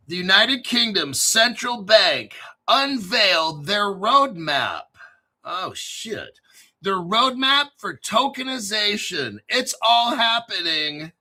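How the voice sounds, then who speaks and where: Brash, bright-voiced male crypto host. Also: on the high side. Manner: brash and profane, swinging from mumbled asides to loud hyped outbursts. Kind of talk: unscripted livestream commentary.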